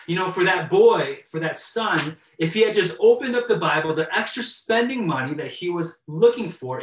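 Male pastor, slightly high voice, casual storytelling sermon, echoey room, set back from the mic. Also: far from the mic. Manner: conversational, warm storytelling with chuckles and repeated starts.

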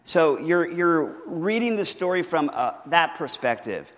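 A man teaching how to read the Bible devotionally, earnest and encouraging, often slowing down to stress key words. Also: a little high, lively intonation, fairly bright tone, long reverb tail. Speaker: pastor teaching Bible reading. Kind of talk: teaching talk from a handout.

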